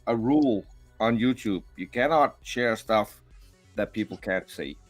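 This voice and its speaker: A man's voice: lowish voice, animated, measured pace, no echo, faint music behind. A man on a stream call, insisting jokingly about the show's rules. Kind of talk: casual group chat on a livestream.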